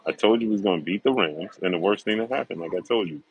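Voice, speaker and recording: A man's voice: sits low, fast talker, breathy edge, lo-fi sound. A middle-aged man hosting a sports livestream, greeting viewers by name and making confident, emphatic predictions, repeating himself for stress. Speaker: sports talk show host.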